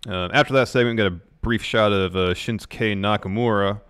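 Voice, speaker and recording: Man, podcast co-host, steady match recap, low smooth voice. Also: brisk. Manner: steady, plain play-by-play recapping with short agreements. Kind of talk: casual wrestling recap chat.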